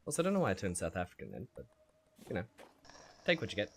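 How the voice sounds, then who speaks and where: This streamer talks fast in a low, creaky voice while playing a survival game. He reads viewers' chat, describes his fights with animated energy, laughs often and talks to himself, over slight background noise.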